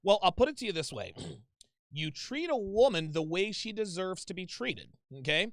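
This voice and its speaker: Blunt, profane host with a high gravelly voice. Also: male voice, big pitch swings, moderate pace, dry recording, studio quality. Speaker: host taking calls. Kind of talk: call-in advice show.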